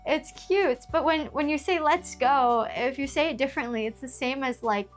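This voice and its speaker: Young female streamer, high voice, giggly rambling casual chat, faint music bed. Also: fairly quick. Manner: giggly, rambling, with many fillers and restarts.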